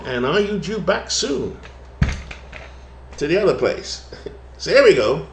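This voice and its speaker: Casting note: male play-by-play caller, slightly higher voice, chatty between pitches, roomy home-stream sound. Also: sing-song, a little slow, vocal fry. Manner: rises to loud calls on big plays, then chatty. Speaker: play-by-play commentator of a simulated baseball league. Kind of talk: baseball play-by-play with asides to chat viewers. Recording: roomy echo.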